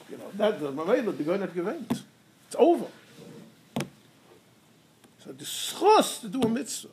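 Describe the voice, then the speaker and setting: A man giving a Torah lecture in English, animated, peppered with Hebrew and Yiddish terms and telling stories with quoted dialogue. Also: high voice, a little slow, long pauses, background noise. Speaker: rabbi teaching halacha.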